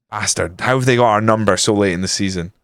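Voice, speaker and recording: A man's voice: lowish voice, vocal fry, fairly bright tone, clear, resonant tone, no room sound, studio quality. A young man streaming a football management game, grumbling and swearing casually as he comments on his matches. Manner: frustrated, grumbling, swears often.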